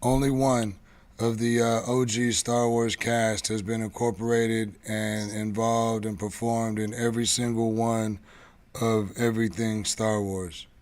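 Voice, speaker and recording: A man's voice: fairly low pitch, flat delivery, a little slow, a little mellow. Rambling casual male show host. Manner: rambling, loose, swears casually. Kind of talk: casual livestream chat.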